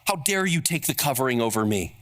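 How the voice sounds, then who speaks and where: A man's voice: medium pitch, sing-song, a little fast, a bit bright, voice pushed down. A man doing an indignant, sulking Jonah. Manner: indignant complaining. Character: Jonah, sulking angry male prophet.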